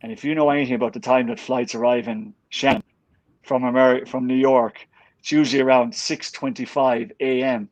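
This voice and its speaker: A middle-aged Irish man telling a lively story in a casual chat. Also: medium pitch, brisk, dry recording, rough recording. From Ireland. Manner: animated anecdote-telling with laughs.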